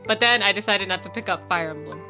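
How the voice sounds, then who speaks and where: A woman's voice: medium pitch, fast talker, bright, forceful tone, faint music behind. Chatty young woman streamer. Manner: rambling, laughing, lots of "like" and "um". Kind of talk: casual live game stream chat.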